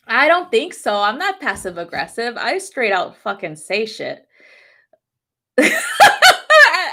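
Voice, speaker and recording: A woman's voice: on the high side, takes it slowly. A woman reading weekly astrology transits, talking bluntly to her viewers with lots of swearing and frequent laughter. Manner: animated, talks directly to viewers. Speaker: astrology and tarot reader. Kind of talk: casual weekly astrology forecast.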